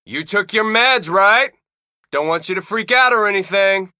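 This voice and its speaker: A sarcastic young racer. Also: male voice, high-pitched, animated, moderate pace, sharp tone, no echo, full character voice. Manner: dry sarcastic comebacks. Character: wisecracking young male racer, unimpressed.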